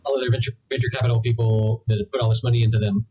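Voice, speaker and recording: A young man co-hosting a podcast in casual chat, with a slightly husky, breathy voice. His pitch sits in a middle range. He rambles and restarts his sentences often as he works through an idea. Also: little pitch movement, rapid-fire, warm tone, rough recording. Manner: rambling, many restarts and fillers. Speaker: podcast co-host.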